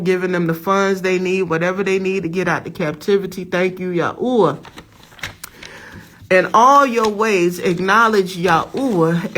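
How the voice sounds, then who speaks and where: Urgent woman preaching to camera. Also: lowish voice. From United States. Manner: urgent, exhorting, slows to read scripture aloud. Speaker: religious vlogger. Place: abroad in Türkiye.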